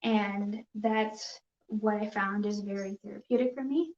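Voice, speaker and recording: A woman's voice: mid-range voice, steady tone, measured pace, a little mellow, a little hiss or hum. A woman hosting a casual live stream, talking nervously and hesitantly with many fillers and restarts. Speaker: yarn crafting streamer. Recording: dull, roomy home recording.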